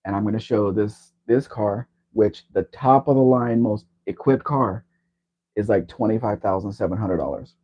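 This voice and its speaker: A livestream host with a lowish voice chats in a rambling, easygoing way at a normal speed. The stream audio sounds dull and lo-fi.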